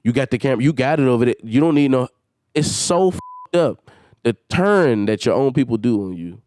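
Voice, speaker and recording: A man's voice: mid-range voice, animated, brisk, a little mellow. Heated man ranting on his podcast. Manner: heated, exasperated venting with emphatic swearing. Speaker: podcast host. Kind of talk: solo podcast rant.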